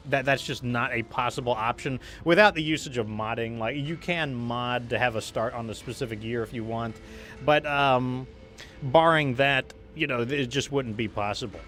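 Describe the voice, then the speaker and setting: A man's voice: medium pitch, a bit bright. Rambling male game streamer. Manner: rambling, many fillers and restarts, reads chat aloud. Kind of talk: casual live-stream chat while gaming.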